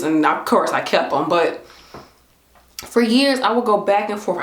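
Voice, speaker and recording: A woman's voice: on the low side, expressive, moderate pace. Chatty woman in her late twenties, echoey room. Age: late 20s. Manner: chatty, slangy, acts out her own thoughts in quotes. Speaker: vlogger. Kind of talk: casual chat to camera.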